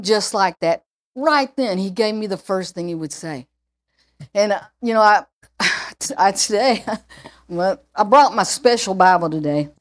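A woman giving an informal sermon full of personal testimony, chatty and repeating herself with frequent restarts. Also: a little high. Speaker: lay preacher.

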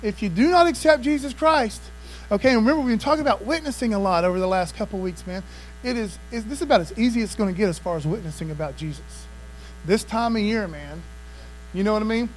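Male pastor, high-pitched, emphatic casual preaching, light hum in the recording. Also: fast, rough recording. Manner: emphatic preacher, repeating "amen" and "man". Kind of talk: sermon.

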